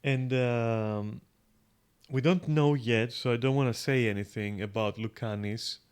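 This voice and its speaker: A man's voice: medium pitch, unhurried, a little mellow, clean tone. A man streaming a game, thinking aloud in loose, rambling talk full of fillers and casual swearing. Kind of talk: casual gameplay commentary.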